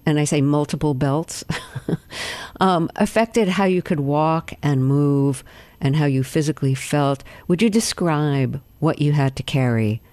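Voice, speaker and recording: An interview host asking measured, prompting questions. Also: mid-range voice, darkish tone, no echo.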